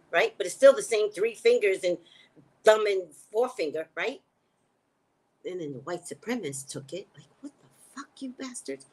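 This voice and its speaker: A woman hosting a casual livestream, chatting back to viewer comments. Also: fairly low pitch. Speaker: livestream host and psychic reader.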